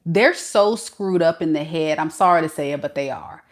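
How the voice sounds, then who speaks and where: Woman, tarot reader, lowish voice, animated, laughs a lot. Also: moderate pace. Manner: animated, laughing, acts out the other person's thoughts. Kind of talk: tarot reading to camera.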